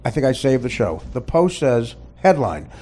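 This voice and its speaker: A man, hosting a podcast and telling stories in casual chat, animated and laughing often. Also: medium pitch, moderate pace, slight background noise. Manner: animated, laughs often, does voices of others. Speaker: podcast host and comedian.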